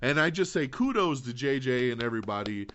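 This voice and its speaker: A man hosting a casual movie review podcast, retelling scenes with animated, profane excitement. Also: medium pitch, a little fast. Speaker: podcast host. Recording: dull lo-fi podcast audio.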